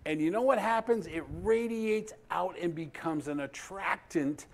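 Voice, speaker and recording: A middle-aged male pastor preaching in an animated storytelling way. He acts out both sides of a conversation and slows down for dramatic pauses. His voice sits a little higher than most men's. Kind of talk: sermon with storytelling.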